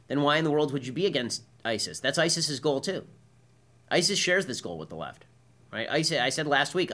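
A man's voice: mid-range voice, fairly bright tone. A man hosting a political commentary show, delivering a combative, emphatic monologue. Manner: combative, emphatic, keeps asking "right?".

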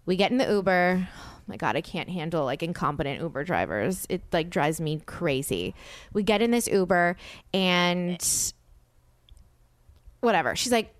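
A woman's voice: on the low side, lively intonation, moderate pace, dry recording. A young adult woman hosting a podcast, telling a story in casual chat, acting out quotes and swearing freely. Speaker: podcast host.

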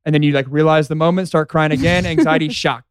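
A man co-hosting a podcast, talking in a soft-spoken, laid-back way. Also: fairly high pitch, steady tone, fast talker, clear, resonant tone, dry recording, clean studio sound. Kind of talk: casual chat.

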